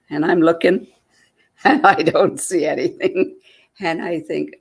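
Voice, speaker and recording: Gravelly woman telling a story. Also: low voice, a little slow. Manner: lively storyteller who acts out what people said. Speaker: guest. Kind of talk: personal storytelling.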